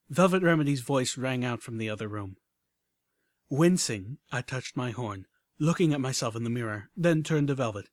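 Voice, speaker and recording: Man, audiobook narration, measured storytelling, dry close recording. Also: medium pitch, animated, no echo. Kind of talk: scripted narration.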